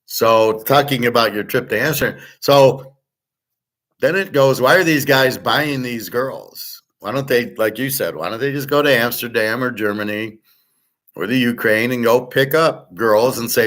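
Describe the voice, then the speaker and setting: A man's voice: mid-range voice, normal speed, fairly bright tone. Blunt, rambling man hosting a chat. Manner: blunt, profane, rambling with many restarts. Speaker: host.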